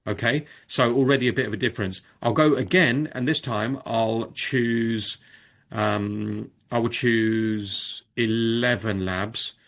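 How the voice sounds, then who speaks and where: A man casually presenting on a video call, demonstrating software and thinking aloud, with frequent fillers and restarts. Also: mid-range voice, slow. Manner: informal, with many fillers and restarts. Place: home or office on a video call. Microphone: video call microphone.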